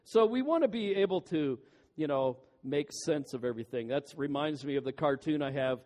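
A man preaching a sermon as pastor, earnest and pleading, stretching out key words slowly for emphasis. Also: fairly high pitch, animated, a little mellow. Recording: long hall reverb.

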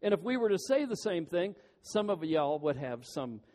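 A man preaching a sermon as pastor, earnest and pleading, stretching out key words slowly for emphasis. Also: sits high, sing-song, dark tone. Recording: long hall reverb.

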